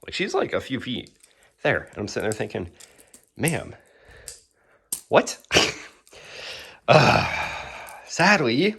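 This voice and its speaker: Young man telling a lively storytime. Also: on the low side, slightly rough. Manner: animated storytelling with acted-out quotes and laughs. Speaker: knife-flipping YouTuber. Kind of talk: casual storytime.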